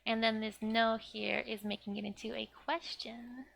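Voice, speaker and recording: A woman's voice: on the high side, little pitch movement, moderate pace, gravelly, a bit bright. A young woman giving a casual, chatty language lesson, often laughing and leaning on "like". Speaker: language teacher.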